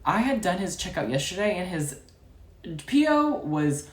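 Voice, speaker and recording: A woman telling a customer-service story in a chatty, rapid, animated way, full of filler words. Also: on the low side. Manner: chatty, full of "like" and "you know". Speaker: storytime vlogger. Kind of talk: casual storytelling. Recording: echoey room.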